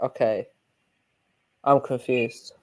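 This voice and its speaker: A man's voice: medium pitch, fairly even intonation, slow. A man on a livestream panel, blunt and incredulous, cutting in to challenge. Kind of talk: casual debate.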